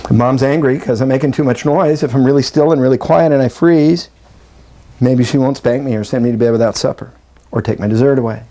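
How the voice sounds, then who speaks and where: A middle-aged man giving a live workshop talk to a group, animated and joking, often acting out the voices of the people he quotes. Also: mid-range voice, a little fast. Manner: animated, acts out quoted voices, jokey asides. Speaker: breathwork workshop presenter.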